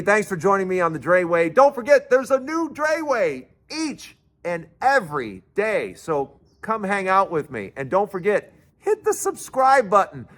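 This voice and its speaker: Bright-voiced man telling a story. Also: high voice. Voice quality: chatty, animated storyteller. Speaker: commentator and show host. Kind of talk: casual storytelling monologue.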